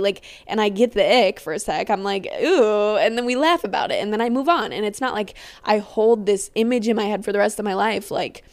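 A young woman hosting a podcast in casual, rambling chat, giggly and freely swearing. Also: medium pitch. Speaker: podcast host.

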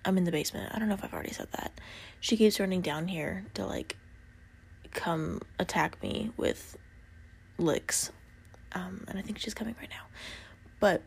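A woman's voice: fairly low pitch, creaky, slightly rough. A young woman talking casually and telling a true crime story, rambling and tripping over her words in a groggy morning voice, recording on a phone in a basement. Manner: chatty, rambling, self-deprecating, often stumbling over words. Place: home basement.

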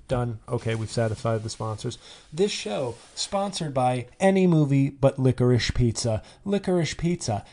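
A man in his forties, a comedian hosting his podcast solo, rambling in a sardonic, self-deprecating way. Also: mid-range voice. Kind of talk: casual solo podcast monologue.

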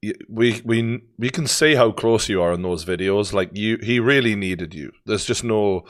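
A man with a Geordie accent hosts the interview in a fairly low voice. He builds his questions slowly, with restarts and fillers along the way. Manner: halting, many restarts and fillers. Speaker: podcast host.

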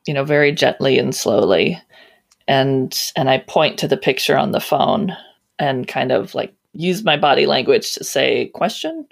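A woman playing a tabletop role-playing game, describing her character's actions in a halting way with many restarts. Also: a bass voice, creaky. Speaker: player.

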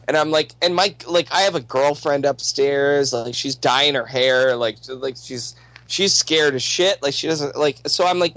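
A man's voice: on the high side, normal speed, a bit bright, no echo, low-quality recording. A young man casually telling a rambling, profanity-laced anecdote, full of restarts and asides.

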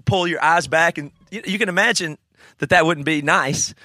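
A man with a Southern US accent, talking in casual conversation, opinionated and animated, laughing often. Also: a little high, normal speed, no room sound. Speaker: conference guest.

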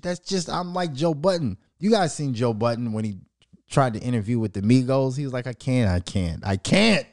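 Animated, profane man ranting as show host. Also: medium pitch, dry recording, studio quality. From Minnesota. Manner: animated, profane, mocking, laughs often. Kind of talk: casual solo rant.

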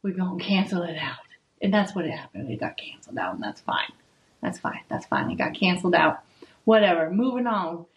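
A young adult woman hosting a casual solo podcast from home, blunt, swearing freely and talking in an animated, chatty way. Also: on the low side, a little fast, highs cut off. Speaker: podcast host. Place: home with dogs.

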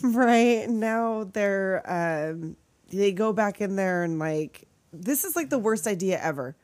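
A woman co-hosts a relaxed podcast, talking through a movie with a friend. She talks in an animated way, slips into quick character voices and laughs easily. Her voice is dry and close to the mic, with no room sound. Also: medium pitch, no room sound. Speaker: podcast co-host. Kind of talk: casual movie recap chat.

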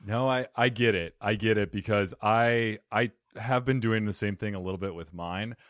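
A man's voice: on the low side, normal speed, a bit bright, no room sound. Brief: male podcast host, Italian accent, native Italian speaker, polished radio delivery, dead-dry sound. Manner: smooth radio-style delivery. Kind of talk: casual podcast interview.

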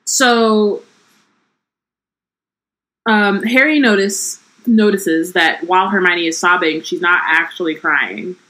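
A woman host reading a novel aloud in a relaxed way, with fillers and murmured agreement between passages. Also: lowish voice, slow, pauses often, low-quality recording.

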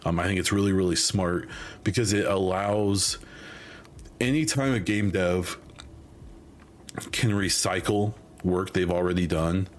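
A man's voice: deep voice, measured pace, pauses often, slight background noise. A man hosting a solo podcast in a casual, rambling way, full of ums and restarts, his voice starting to go. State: losing his voice. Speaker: podcast host.

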